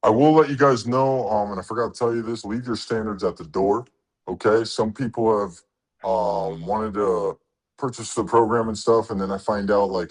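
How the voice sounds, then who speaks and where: Husky and fairly low-pitched, this man speaks at a normal speed while giving truckers a profane, no-nonsense pep talk. Along the way he performs the quoted back-and-forths himself.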